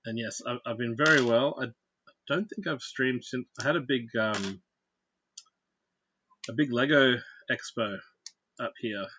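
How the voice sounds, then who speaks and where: A man's voice: mid-range voice, measured pace, pauses often, sharp tone, breathy edge. A man hosting a casual livestream, chatting and greeting viewers by name while he builds. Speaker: livestream host.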